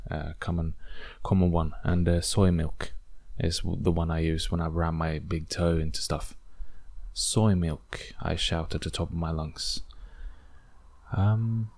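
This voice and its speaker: A man's voice: low voice, creaky, darkish tone, no room sound. A man hosting a casual solo podcast, rambling and self-deprecating with lots of fillers, English not his first language. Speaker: podcast host.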